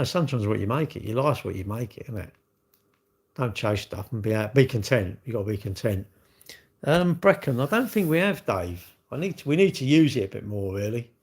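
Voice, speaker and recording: A man, rambling in casual livestream chat and answering viewers' comments with lots of tag questions. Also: mid-range voice. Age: 60s. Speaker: livestream host.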